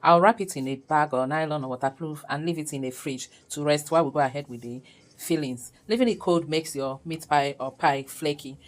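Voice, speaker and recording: A low-pitched woman walks viewers through a recipe, step by step. She speaks in a relaxed, chatty way and breaks into laughter now and then. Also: fairly quick, poor audio. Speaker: cooking channel host. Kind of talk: casual cooking tutorial narration.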